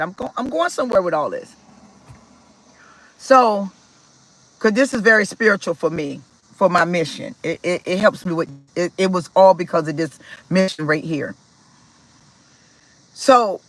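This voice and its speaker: A woman from Maryland telling a personal story to her viewers in a casual, animated way, acting out what people said. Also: mid-range voice, rough recording. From Maryland, USA. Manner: animated, talks to viewers directly, acts out quoted dialogue. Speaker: spiritual vlogger.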